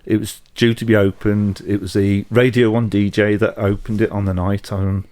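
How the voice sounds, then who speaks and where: A middle-aged man with a Telford accent recalls old stories as a podcast guest, his voice on the low side. He speaks in a measured way, pausing as he looks for words. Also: flat delivery, darkish tone. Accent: Telford English. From Telford, England. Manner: measured, anecdotal, hesitant. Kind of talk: conversational storytelling.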